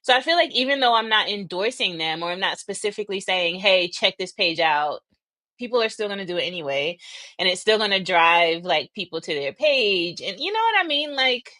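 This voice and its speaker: A young adult woman hosting a casual livestream, chatty, thinking aloud and laughing often, a little breathy from asthma. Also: mid-range voice, expressive, normal speed, sharp tone, no room sound. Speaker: livestream host.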